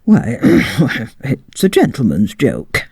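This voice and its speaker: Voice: huge pitch swings, slow, a little mellow, no echo, studio quality, full character voice. A narrator doing a suave young captain. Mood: sly. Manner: low, smooth and suave.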